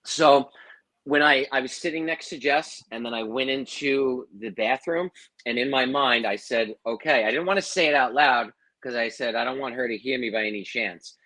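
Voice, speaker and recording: Husky man telling a story in an interview. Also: medium pitch, moderate pace, poor audio. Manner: animated, acts out quotes, says "man" and "you know what I mean". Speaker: interview guest, firefighter and psychic.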